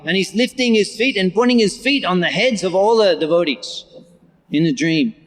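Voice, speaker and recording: A man with a slightly higher voice teaches scripture in a large temple hall, and a long reverb trails after his words. He draws out verse lines slowly and repeats them before he explains them with animated energy. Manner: animated, with occasional laughter. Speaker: scripture lecturer.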